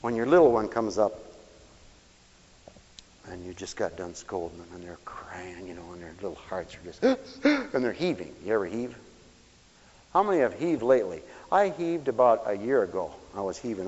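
Preacher guy going loud then hushed, lots of swing, muffled echoey church tape. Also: lowish voice, normal speed, breathy edge. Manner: animated, swings from loud exclamations to hushed tones. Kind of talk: radio-broadcast sermon. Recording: dull, echoey church recording.

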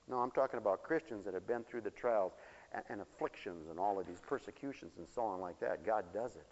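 A man preaching a sermon in a folksy storytelling way, dropping to low mutters and rising to loud high exclamations. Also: fast. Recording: dull lo-fi broadcast with long hall reverb.

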